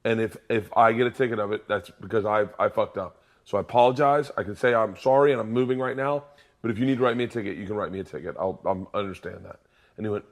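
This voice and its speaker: A man co-hosting a podcast, telling animated stories and laughing along in casual chat. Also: lowish voice, fast talker. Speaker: podcast co-host.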